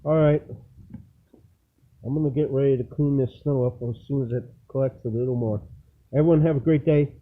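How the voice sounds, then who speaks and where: A man's voice: steady tone, brisk, long pauses. Man talking to his dog, tinny phone sound. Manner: jumps to high coaxing tones when talking to his dog. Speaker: vlogger. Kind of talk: casual home vlog, talking to his dog. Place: doorway into a snowy, windy yard. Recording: tinny phone-like recording with faint noise. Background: faint wind noise.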